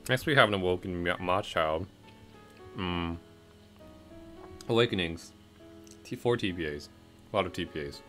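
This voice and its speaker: Deep bright-toned man rambling about a game. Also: normal speed, long pauses, soft background music. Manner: rambling, many fillers and self-corrections. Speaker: game reviewer. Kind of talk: casual commentary. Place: home, music playing behind.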